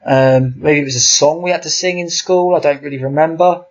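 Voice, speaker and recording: A man's voice: fairly high pitch, steady tone, brisk. Wry man on muffled podcast audio. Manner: wry, dry joking. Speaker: podcast co-host. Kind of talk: casual chat.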